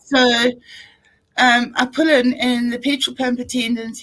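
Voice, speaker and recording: A woman's voice: a little high, little pitch movement, measured pace, fairly bright tone. A middle-aged woman with a South African accent, chatting casually and rambling through an everyday story, acting out what people said. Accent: South African English. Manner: rambling storyteller, acts out quotes. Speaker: co-host. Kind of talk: casual chat.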